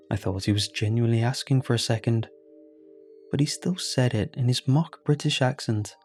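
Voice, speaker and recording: A man narrating a first-person horror story in a calm, measured way. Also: medium pitch, faint music behind.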